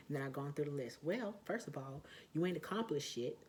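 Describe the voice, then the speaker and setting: A woman talking in a casual vlog monologue, blunt and profane, with lots of fillers and emphatic, loud outbursts. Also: low-pitched, lively intonation, brisk, few pauses, a little hiss or hum. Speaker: vlogger.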